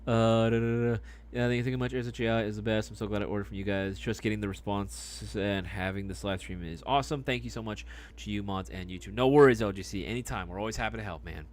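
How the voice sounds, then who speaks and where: A young man hosting a live stream, chatting casually and reacting loudly to chat messages. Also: lowish voice, quick pace, a little hiss or hum. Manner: laid-back, chummy, calls people dog and brother.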